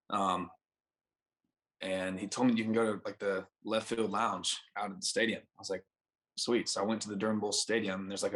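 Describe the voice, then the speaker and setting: His voice is on the low side and a bit bright. He's a baseball pitcher in his twenties appearing on a podcast, casually telling a rambling anecdote full of fillers where he acts out what people said.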